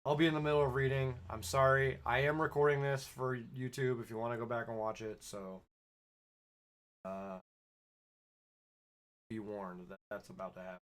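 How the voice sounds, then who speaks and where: A man's voice: mid-range voice, level tone, normal speed, long pauses. A man hosting a podcast, chatting casually with a live audience and then reading a short story aloud in his own plain voice, his throat slightly scratchy.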